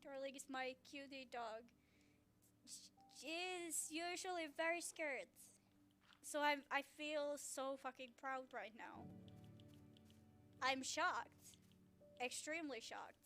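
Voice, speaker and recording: A woman with a high voice chats slowly and unhurriedly on her streaming mic at home, gushing and excitable, with plenty of swearing and stumbling restarts. Faint music plays softly underneath her talk. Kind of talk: casual live-stream chat. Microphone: streaming setup mic.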